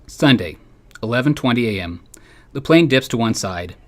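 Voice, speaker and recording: A man, a sports writer, reading a humorous newspaper column aloud with wry, deadpan delivery. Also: medium pitch, normal speed.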